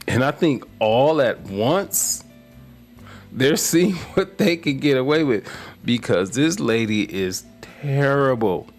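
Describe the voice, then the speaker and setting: A man hosting political commentary, ranting with scorn and swinging between low mutters and loud outbursts. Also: animated, takes it slowly, faint music behind.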